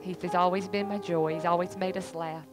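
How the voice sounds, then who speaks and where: A woman's voice: on the low side, fairly even intonation, fairly quick, over music, poor audio. A middle-aged woman giving an earnest, emphatic church testimony, repeating herself for weight. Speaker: church speaker, pastor's family.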